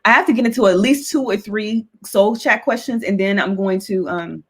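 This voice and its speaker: A woman hosts a relaxed conversation, thinking aloud and circling back with fillers as she goes. Her pitch sits in an ordinary middle range. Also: normal speed, slightly rough. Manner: thoughtful, with many fillers. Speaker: host. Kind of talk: casual interview chat.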